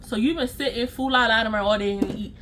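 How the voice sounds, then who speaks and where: A young adult woman, casually telling a storytime vlog, animated and slangy, laughing at herself. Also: fairly high pitch, quick pace, noisy background. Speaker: storytime vlogger.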